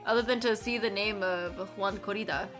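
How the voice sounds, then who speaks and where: A woman's voice: medium pitch, fairly quick, music in the background. A woman streamer chatting casually through a game, swearing freely, laughing and teasing her chat. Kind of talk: casual let's-play chat.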